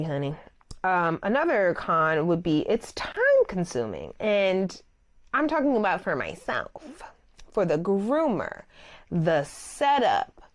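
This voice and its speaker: Brief: young adult woman, podcast host, lively casual storyteller, big pitch swings on quotes. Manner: animated, expressive, swoops high when quoting others; calls listeners child and baby. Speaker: podcast host and dog groomer.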